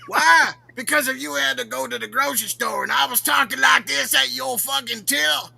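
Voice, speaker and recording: A man playing a crude, foul-mouthed loudmouth who shouts boastful rants in a dry, gravelly voice for a comedy podcast bit. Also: very high voice, steady tone, normal speed, faint music behind, full character voice. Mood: ranting. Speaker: regular show character answering questions.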